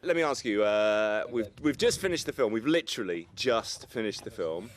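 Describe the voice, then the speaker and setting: A man's voice: fairly low pitch, expressive, normal speed, slight background noise. Man asking thoughtful interview questions.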